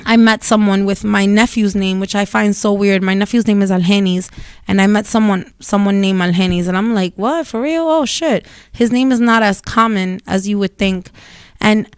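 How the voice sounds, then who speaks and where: Blunt, profane young woman, smooth voice. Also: mid-range voice, level tone, moderate pace, no room sound, studio quality. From Dominican family in New York. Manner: blunt, profane, rambling storytelling. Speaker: vlogger. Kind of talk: casual monologue to camera.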